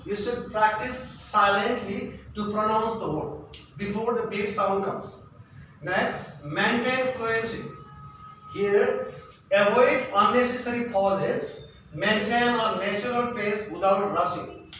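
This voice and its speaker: A man's voice: sits high, a bit bright, a little hiss or hum. A man teaching an English test-prep lesson. He repeats his points and keeps checking in with "okay?". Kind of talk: spoken exam-prep lesson. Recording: echoey room, mic at a distance.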